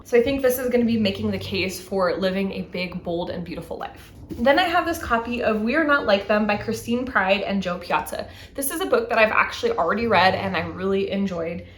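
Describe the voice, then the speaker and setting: A woman's voice: medium pitch, animated, fairly quick, few pauses, a bit bright, reverberant, a little hiss or hum. A woman in her thirties hosting a book haul vlog, chatting eagerly about each new book. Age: 30s. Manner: enthusiastic, talks through each book and reads back covers. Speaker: book channel host.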